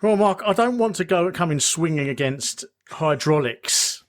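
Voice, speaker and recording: A man's voice: on the high side, expressive, normal speed. A man co-hosting a podcast in casual chat, rambling, restarting and joking. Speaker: podcast co-host.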